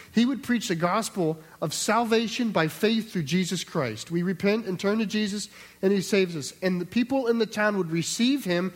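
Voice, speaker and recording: A pastor preaching an expository sermon in a conversational way, acting out quoted voices and repeating words as he restarts. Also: high voice.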